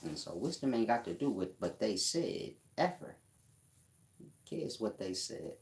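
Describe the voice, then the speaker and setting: A man's voice: lowish voice, big pitch swings, measured pace, gravelly. A man hosting a casual livestream, reading out chat comments and answering them in a blunt, mocking way with frequent laughs. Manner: blunt, mocking, laughs at his own jabs.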